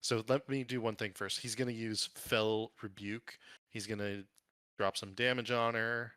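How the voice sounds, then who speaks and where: A man's voice: on the low side, steady tone, normal speed, a bit bright, clean tone, dry recording, studio quality. A man narrating a tabletop game as game master, describing the action in detail.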